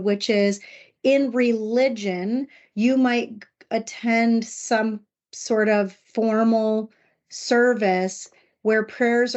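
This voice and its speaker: A middle-aged woman co-hosting a podcast, talking in an earnest, personal, reflective way and slowing down to stress key words. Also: mid-range voice, darkish tone. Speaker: podcast co-host. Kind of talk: casual podcast discussion.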